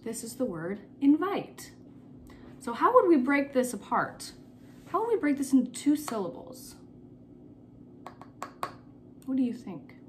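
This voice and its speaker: A woman's voice: sits high, big pitch swings, noisy background. Patient woman teaching a phonics lesson. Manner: patient, repeats key words slowly. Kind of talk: recorded phonics lesson for children.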